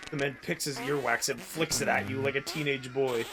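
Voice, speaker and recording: A man's voice: mid-range voice, steady tone, brisk, few pauses, noisy background. A man streaming with friends, reading the text of a story game aloud in a loose, comic way.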